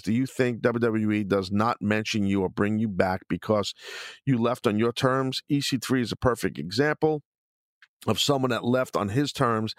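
A man's voice: on the low side, no echo, studio quality. Blunt, foul-mouthed man on a podcast. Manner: blunt, profane and rambling. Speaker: podcast host. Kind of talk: casual podcast talk answering listener questions.

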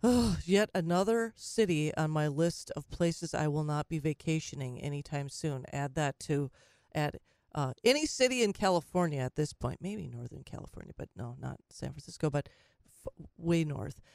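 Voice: mid-range voice, lively intonation, normal speed, creaky, darkish tone, no room sound. Sarcastic talk radio host, dry studio sound. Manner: sarcastic, with frequent stumbles and restarts. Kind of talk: opinionated talk radio monologue.

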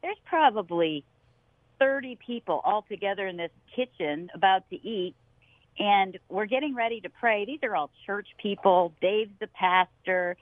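A middle-aged woman tells a story on a radio interview, lively and expressive, slipping into the voices of the people she quotes. Her voice comes through a narrow, phone-like line with a very dry, close sound. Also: medium pitch, moderate pace, dry recording. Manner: animated, acts out quoted voices, laughs often. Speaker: co-host.

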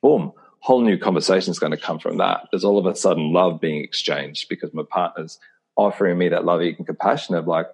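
Deep husky-voiced man, earnest and reflective. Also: a little fast. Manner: earnest, reflective, many fillers and restarts; acts out his own inner voice in quoted asides. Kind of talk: casual conversation on a call.

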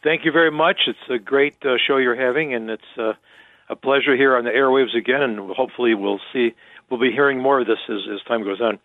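A male caller on a radio show, speaking haltingly with fillers over the phone. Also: mid-range voice, no room sound. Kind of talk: phone-in call. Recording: tinny phone line.

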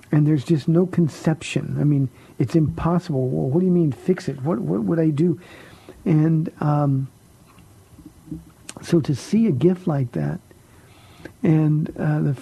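Middle-aged guy pastor on call-in radio, dark husky voice, dry studio sound, lots of ums and restarts. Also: on the high side, no room sound, low-quality recording. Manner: rambling, with many fillers and restarts. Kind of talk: call-in Bible Q&A radio show.

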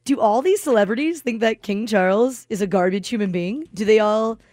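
A woman co-hosting a morning radio show, chatting casually, laughing often and telling things in an animated way. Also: fairly high pitch, fairly quick, no echo, studio quality.

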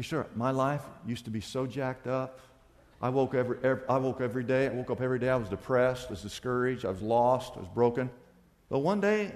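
A male pastor preaching a sermon, acting out back-and-forth dialogues in a lively, conversational way. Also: medium pitch, in a large hall.

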